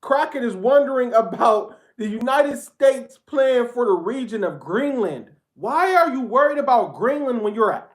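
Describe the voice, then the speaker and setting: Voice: medium pitch, animated, normal speed, few pauses. Reaction commentator, heated casual rant, blunt, slangy, repetitive. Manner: blunt, repetitive, slangy, addresses viewers as bro.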